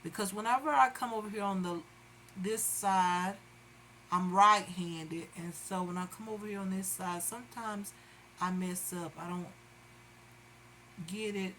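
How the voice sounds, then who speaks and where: A woman's voice: medium pitch, steady tone, a little slow, sharp tone, a little hiss or hum, rough recording. A woman chatting casually to viewers while doing her makeup. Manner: chatty, addresses viewers as y'all. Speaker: beauty vlogger. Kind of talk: casual makeup tutorial chat.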